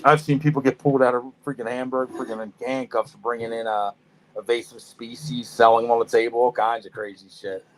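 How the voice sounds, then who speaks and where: A man co-hosting a casual podcast, telling animated stories about reptile shows, swearing freely and acting out what people said. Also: mid-range voice, a little fast, slight background noise. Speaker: podcast co-host, snake breeder. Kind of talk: casual storytelling chat.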